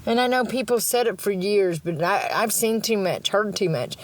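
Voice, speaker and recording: A woman's voice: medium pitch, expressive, moderate pace. A middle-aged woman rambling on a livestream, blunt and profane, laughing often and talking about God.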